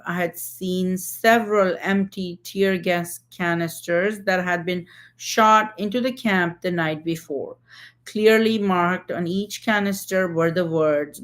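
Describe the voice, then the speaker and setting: A young adult woman reading passages from a book and explaining them, often checking in with tag questions. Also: lowish voice. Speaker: book discussion host.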